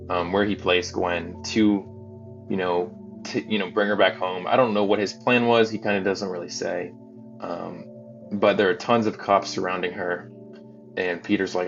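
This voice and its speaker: Low-voiced man chatting over music. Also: creaky. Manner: loose and chatty, heavy on fillers. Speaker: channel host. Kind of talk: casual comic book recap. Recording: dull lo-fi with music behind. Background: background music.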